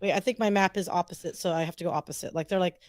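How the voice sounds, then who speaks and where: A woman's voice: fairly low pitch, racing, no room sound. An upbeat, chatty woman hosting a casual conversation between friends. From United States. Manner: chatty, upbeat, lots of fillers. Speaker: host. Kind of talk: casual chat.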